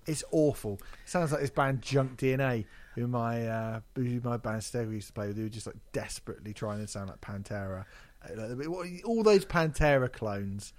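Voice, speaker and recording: A man's voice: medium pitch, animated, normal speed. A man on a podcast, casually chatting about an album, sweary and sarcastic, laughing often. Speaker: podcast co-host. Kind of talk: casual chat reviewing an album.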